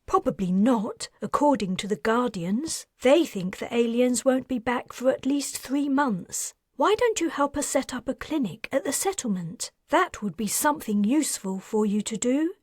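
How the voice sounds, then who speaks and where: Sharp-tongued indignant doctor read by a woman narrator, quick retorts, audiobook. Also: animated, breathy edge, no echo, clean studio sound. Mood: exasperated. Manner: high, exasperated, rapid retorts.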